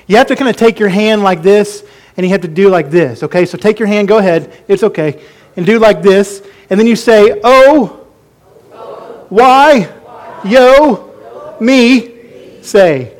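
A man's voice: high voice, fairly quick, darkish tone. A man preaching a sermon as pastor, folksy and joking as he talks to his congregation.

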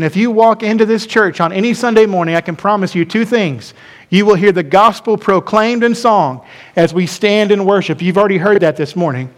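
A male pastor preaches a sermon, driving points home through repeated phrases and calling on the congregation to respond. His voice sits high.

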